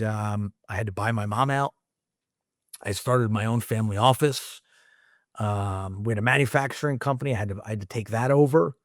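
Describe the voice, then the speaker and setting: A middle-aged American entrepreneur speaks candidly as a podcast guest, rambling casually and swearing freely. His mid-range voice is recorded in clean studio sound with no room noise.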